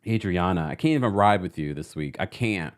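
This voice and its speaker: A man hosting a livestream recap of a reality show, talking in a sassy, animated way and addressing the cast members directly. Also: low voice, fairly quick. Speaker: podcast host.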